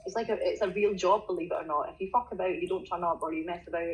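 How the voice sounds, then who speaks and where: A woman's voice: fairly low pitch, fairly even intonation, racing, over a noisy crowd. A woman with a Scottish accent, a guest in a casual interview, talking bluntly and swearing freely. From Scotland. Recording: dull lo-fi sound with faint noise.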